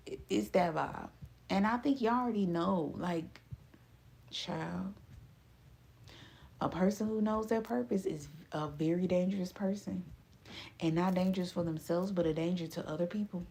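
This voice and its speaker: Gravelly low-voiced woman, profane and animated. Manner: profane, laughing, swings between drawn-out and rushed. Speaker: spiritual reader. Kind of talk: casual motivational monologue.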